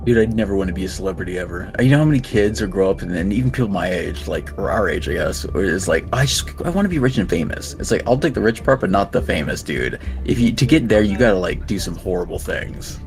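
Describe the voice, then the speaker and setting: Low gravelly man joking around. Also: lively intonation, quick pace, hardly any pauses, a little mellow, soft background music. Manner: joking, teasing banter. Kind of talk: casual chat.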